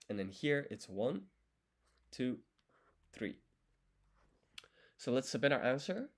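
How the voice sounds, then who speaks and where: A man's voice: medium pitch, big pitch swings, slow, fairly bright tone. A young man studying on a live stream, counting strokes aloud and explaining each step patiently as he writes. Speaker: language learner streaming his study. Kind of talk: casual live study session, thinking aloud.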